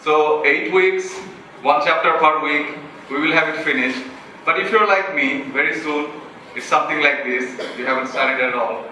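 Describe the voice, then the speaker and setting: A man's voice: fairly high pitch, moderate pace, bright, forceful tone, recorded from a distance, a little hiss or hum. Young Bangladeshi man in an echoey hall. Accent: Bangladeshi English. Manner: earnest, self-deprecating, asks the audience. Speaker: student speaker. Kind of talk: motivational talk.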